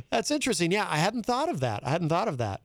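A man's voice: high voice, sing-song, fairly quick, dry recording, clean studio sound. A man hosting a casual talk radio show, bantering and laughing easily with his co-host.

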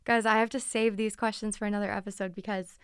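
A woman's voice: mid-range voice, little pitch movement, quick pace, clear, resonant tone, dry recording. A young woman hosting a podcast, chatting casually and bubbly as she answers listener questions in a recording studio on a studio mic. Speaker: podcast host. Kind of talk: casual solo podcast chat. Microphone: studio microphone.

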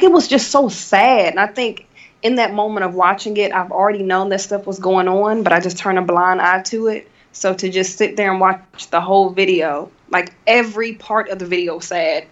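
A woman's voice: mid-range voice, dull audio. A woman guest telling her story earnestly in a casual interview, acting out what she said to others. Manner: earnest storytelling, animated quotes. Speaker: podcast guest.

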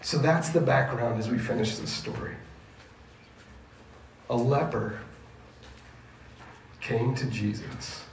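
A man preaching a sermon to a junior high group, emphatic and asking the listeners questions. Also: takes it slowly, pauses often, a little hiss or hum. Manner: emphatic, asks the audience questions. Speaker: youth pastor. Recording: echoey room, mic at a distance, faint ambience.

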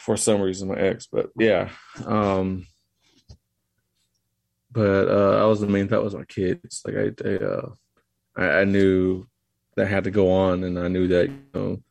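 A man as a podcast guest, casually telling a story in a halting, loose way. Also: deep voice, little pitch movement, creaky, darkish tone, no room sound. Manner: halting, loose retelling of events.

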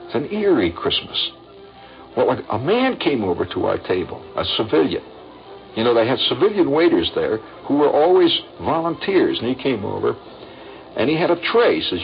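An older man from Indiana telling a personal story in a lively, animated way and acting out the voices of people in it. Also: mid-range voice, fairly quick, gravelly. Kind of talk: radio storytelling. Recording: dull lo-fi radio with faint music.

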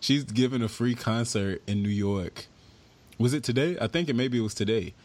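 A man co-hosting a podcast, chatting casually and telling stories in an animated, expressive way. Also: mid-range voice, moderate pace. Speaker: podcast co-host. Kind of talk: casual chat.

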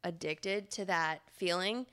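A woman's voice: fairly low pitch, slow, fairly bright tone. A young woman guesting on a podcast, chatting casually, with many fillers and restarts.

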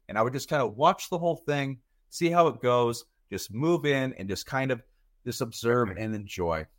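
A man's voice: medium pitch, animated, normal speed. A man in his thirties, a podcast guest talking casually and rambling, often repeating words as he thinks. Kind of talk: casual chat.

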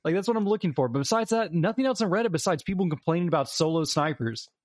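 A man co-hosting a casual gaming podcast, laughing often and talking fast. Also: high-pitched, lively intonation, no echo, clean studio sound. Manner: laughing, quick, reads reviews aloud. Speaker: podcast co-host.

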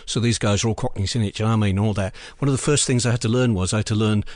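Low male voice, anecdotal guest, emphatic storyteller, dry close mic. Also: steady tone, racing, a little mellow, no room sound. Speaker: guest, film assistant director and lecturer. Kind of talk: anecdotal interview talk.

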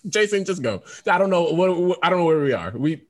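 A man's voice: sits high, very animated, quick pace. A man co-hosting a podcast, joking and laughing through casual banter. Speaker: podcast co-host.

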